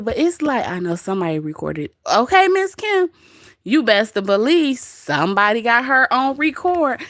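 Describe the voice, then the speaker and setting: Animated woman chatting to her live chat. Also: on the high side, normal speed, no room sound, studio quality. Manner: animated, laughing often, quoting others. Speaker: livestream host. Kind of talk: casual commentary to live chat. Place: bedroom.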